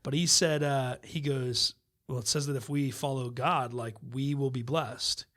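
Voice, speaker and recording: A man, a pastor guest on a podcast, telling stories in lively casual conversation with quick asides and easy laughter. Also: medium pitch. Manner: animated storyteller, quick asides and restarts, laughs easily.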